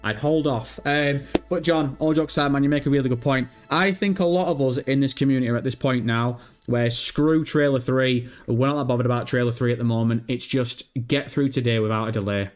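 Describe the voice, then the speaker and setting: A man's voice: mid-range voice, a little fast, hardly any pauses, faint music behind. A man hosting a live stream, casually chatting and reading out viewer messages with self-mocking, sweary banter. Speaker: livestream host.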